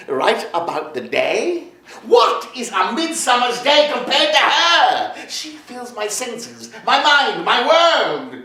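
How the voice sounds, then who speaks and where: An actor playing a wistful, lovestruck 52-year-old playwright in a one-man stage monologue, reminiscing with animated storytelling. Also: mid-range voice. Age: 50s. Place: theater stage. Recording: roomy stage sound from a far camera with faint noise.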